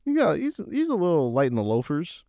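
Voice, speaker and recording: A man's voice: a little high, wildly swooping pitch, brisk, warm tone, dry recording, studio quality. A young man bantering in a casual comedic way, rambling and laid-back, saying "dude" constantly.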